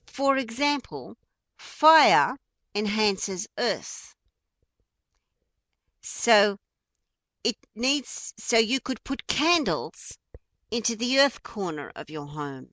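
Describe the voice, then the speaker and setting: A woman's voice: mid-range voice, very animated, drawn-out words, pauses often, a bit bright, no echo. A woman with an Australian accent giving an informal spoken lesson, explaining patiently with frequent ums and restarts. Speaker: feng shui teacher.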